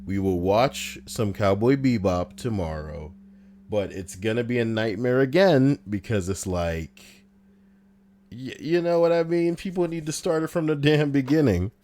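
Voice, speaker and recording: A young man casually reading a list aloud on a live stream and chatting with viewers, animated and prone to ranting in put-on voices. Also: unhurried. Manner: animated, breaks into high-pitched put-on voices and rants. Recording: soft music underneath. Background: soft background music.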